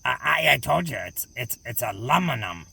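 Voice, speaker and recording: A man's voice: medium pitch, very animated, moderate pace, gravelly, pushed and bright, breathy edge, no echo, far from the mic, heavily acted. A man playing a stubborn, evasive gravedigger who hosts a horror show, in an improvised comedy audio play. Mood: deadpan. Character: stubborn gruff male gravedigger horror host.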